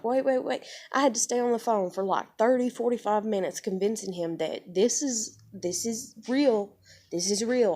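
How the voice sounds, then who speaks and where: A woman's voice: medium pitch, dark tone. A young woman, telling a heated personal story on her vlog, swearing freely and quoting others as she goes. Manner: heated, profane, quotes others. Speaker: vlogger.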